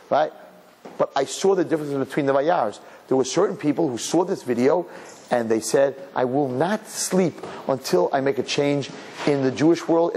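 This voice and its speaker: A man's voice: medium pitch, darkish tone. A man preaching a sermon as a rabbi, impassioned, mixing in Hebrew and Yiddish words. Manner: impassioned, mimics people crying, sprinkles Hebrew and Yiddish words. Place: large hall with an audience. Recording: reverberant hall.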